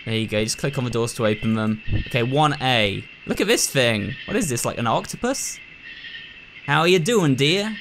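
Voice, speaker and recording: A man's voice: mid-range voice, lively intonation, fairly quick, hardly any pauses, noisy background. A man chatting casually to viewers as he plays and comments on a horror game. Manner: chatty, amused asides to viewers. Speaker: gaming video host. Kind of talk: casual let's-play commentary.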